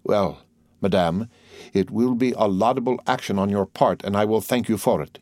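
A man voicing a stern, unforgiving magistrate who speaks in a measured, commanding way, in a dry, close recording. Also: on the low side, darkish tone, dry recording, lightly acted. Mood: severe. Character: stern, unforgiving male magistrate, cold and severe.

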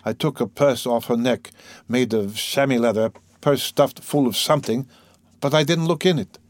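A man's voice: moderate pace, dry recording, lightly acted. A man voicing a weary, tormented young man. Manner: low, weary, muttering, reflective. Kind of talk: audiobook character voice.

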